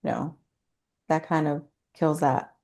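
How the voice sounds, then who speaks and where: Mellow low-voiced woman in podcast chat. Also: little pitch movement, measured pace. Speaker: podcast co-host.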